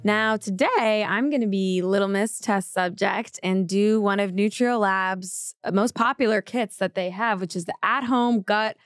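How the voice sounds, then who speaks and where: A woman's voice: medium pitch, measured pace, few pauses, faint music behind, natural voice. A woman playing a ditzy wellness host. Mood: oblivious. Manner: airy, oblivious, rambling. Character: ditzy self-absorbed female wellness host. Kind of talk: scripted comedy.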